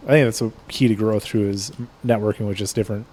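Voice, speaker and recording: A man's voice: lowish voice, steady tone, quick pace, a little mellow. A man co-hosting a podcast in casual chat, often trailing off, blunt and profane. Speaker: podcast co-host.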